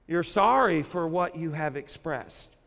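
A man's voice: fairly high pitch, animated, a little slow, vocal fry, a bit bright, long reverb tail. A man, a pastor, preaching a sermon in a conversational way, often putting questions to the congregation.

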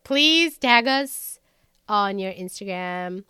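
A woman's voice: medium pitch, animated, slow pace, bright, forceful tone, clean tone, no echo. Woman, American accent, podcast co-host, chatty and upbeat, dry close sound. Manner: chatty, upbeat, laughs often. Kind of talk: casual podcast chat.

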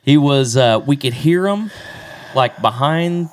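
Halting man chatting on a podcast. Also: medium pitch, lively intonation. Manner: halting, full of restarts and fillers. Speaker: podcast co-host. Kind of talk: casual chat.

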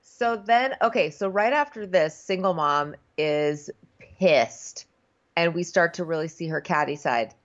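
A woman's voice: on the low side, expressive, a little slow. Wry woman on a dull, lo-fi line. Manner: chatty, wry, mocks people in quoted voices. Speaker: podcast co-host. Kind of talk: casual comedic chat.

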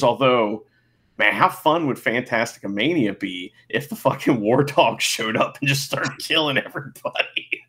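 A man's voice: mid-range voice, lively intonation, normal speed, bright, forceful tone, breathy edge. A man co-hosting a podcast in casual chat, laughing often and making sarcastic asides. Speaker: podcast co-host.

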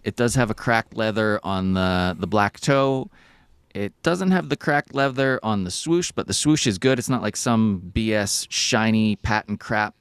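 A man's voice: on the low side, clean tone, no echo. A man hosting a podcast in casual chat, easygoing and enthusiastic. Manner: easygoing, enthusiastic about sneakers. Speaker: podcast host.

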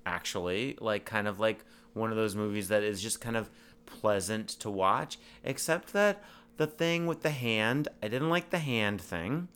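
Man, podcast co-host, smooth resonant voice, dry humor, casual chat. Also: lowish voice, animated, measured pace, fairly bright tone. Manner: dry, wry asides.

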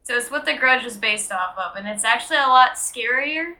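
A woman's voice: a little high, lively intonation, a little fast, bright, forceful tone. A woman chatting casually on a podcast, hedging her points with lots of fillers. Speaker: podcast co-host.

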